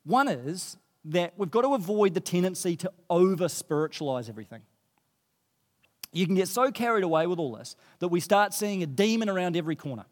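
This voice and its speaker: Man, preacher, sermon, earnest, emphatic repetition, high pitch, long hall reverb. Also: lively intonation, a little fast.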